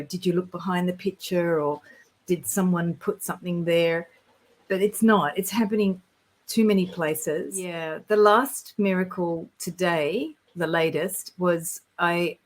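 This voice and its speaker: A woman with a fairly low voice tells her stories in a relaxed, rambling way. She sounds earnest and gets excited easily, and her sentences often restart mid-thought. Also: poor audio. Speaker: guest sharing spiritual experiences. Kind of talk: casual conversation.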